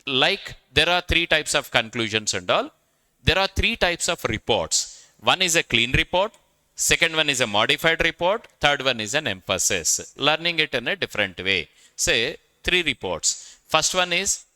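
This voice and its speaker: A man's voice: fairly high pitch, bright, forceful tone. A man with an Indian English accent teaching an accounting exam revision class. He drills points in short repeated lists and quizzes the listener.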